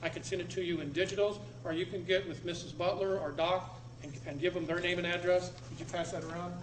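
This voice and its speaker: A man giving a public talk to a live audience in a room, emphatic, repeating words and swinging between loud and low. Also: fairly even intonation, quick pace, slight background noise. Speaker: speaker addressing an audience.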